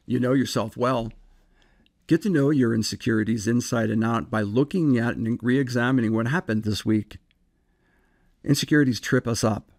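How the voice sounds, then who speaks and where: A man hosting a self-help podcast, speaking in an earnest, measured way and putting reflective questions to the listener. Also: medium pitch. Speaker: podcast host, psychologist.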